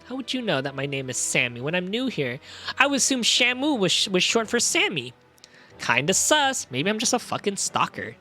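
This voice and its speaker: A man's voice: sits high, sing-song, moderate pace, sharp tone, soft background music. A man chatting on his livestream, joking crudely and swearing freely. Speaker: streamer. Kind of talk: casual livestream chat.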